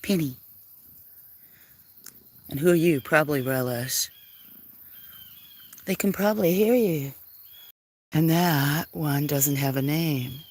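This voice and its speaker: The voice sits at medium pitch, a little slow and a little mellow, pausing often. Its owner is hosting a casual livestream from a farm on a handheld phone, among the cats at feeding time, cooing at them and apologizing every so often.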